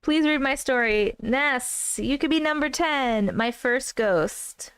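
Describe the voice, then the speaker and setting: A woman's voice: sits high, takes it slowly, a bit bright, clean tone, no room sound, clean studio sound. A woman hosting a casual livestream at home, reading viewer comments aloud, easily spooked and laughing often. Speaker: host reading viewer stories. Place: home room.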